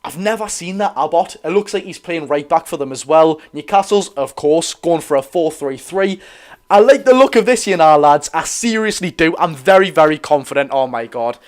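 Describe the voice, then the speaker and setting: A young man with a Geordie accent hosting a live football watch-along, chatting excitably with viewers while chesty and coughing. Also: on the high side, moderate pace, few pauses. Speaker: football fan channel host.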